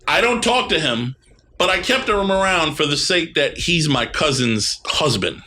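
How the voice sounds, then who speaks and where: A man rants on a podcast, heated and profane, his voice bright and forceful. He talks in casual, run-on bursts. Faint room noise sits under the recording. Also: fairly high pitch, lively intonation, measured pace. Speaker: podcast co-host. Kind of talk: ranting casual chat.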